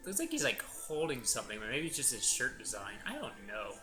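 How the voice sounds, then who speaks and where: A man's voice: mid-range voice, huge pitch swings, brisk, over music. A man casually commenting as he plays a video game, chatting aside to a little child now and then. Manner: chatty, talks to his baby and the game. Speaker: gaming channel host. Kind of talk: casual let's-play commentary.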